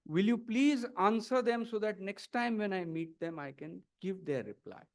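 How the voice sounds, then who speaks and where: A man's voice: sits high, expressive, moderate pace. A man with an Indian English accent voicing a polite, inquiring sage messenger in a told story. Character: earnest, puzzled male sage messenger.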